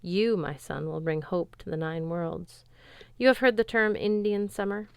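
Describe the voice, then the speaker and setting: A woman voicing a calm, gentle male god speaking formally to his son. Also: lowish voice, gravelly, clear, resonant tone, no echo, studio quality. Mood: solemn. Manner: solemn, measured, formal.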